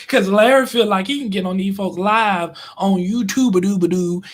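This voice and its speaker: A high-pitched man rambles through a casual livestream story. He laughs often and mimics the people he talks about. His delivery is loose and chatty. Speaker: YouTube live streamer.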